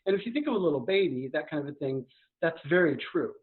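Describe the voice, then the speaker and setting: A man coaching a guest in a live podcast conversation, talking very fast and with high energy. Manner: fast, energetic, talks a million miles an hour. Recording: tinny phone-like remote line.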